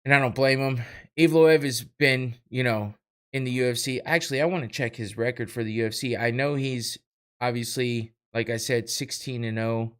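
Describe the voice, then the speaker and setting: A young man's smooth, medium-pitched voice holds a steady tone and moderate pace as he hosts a casual solo podcast. Watching a live fight, he offers rambling commentary that's profane and self-deprecating, punctuated by frequent laughs.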